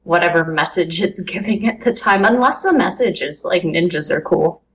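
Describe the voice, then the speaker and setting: A woman's voice: on the low side, animated, moderate pace, slightly rough, dull audio. A woman co-hosting a casual podcast chat, giving sarcastic, dry recaps. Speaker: podcast co-host.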